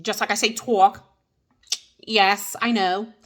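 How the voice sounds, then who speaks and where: A woman's voice: mid-range voice, steady tone, slow pace, a bit bright. A woman with a New Jersey accent chatting casually to the camera in an eat-and-chat vlog, rambling with many fillers and restarts. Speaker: vlogger.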